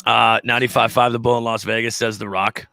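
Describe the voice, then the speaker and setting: A man's voice: mid-range voice, little pitch movement, brisk, vocal fry, bright, forceful tone. A man hosting a casual live show, joking around with his co-host and reading viewer comments. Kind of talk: casual live-stream chat.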